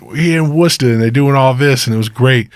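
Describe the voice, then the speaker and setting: Man, casual podcast chat, rambling storyteller, mid-pitched voice, dry close sound. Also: fairly quick, no echo. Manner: rambling storyteller who acts out quoted voices. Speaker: podcast host and touring musician.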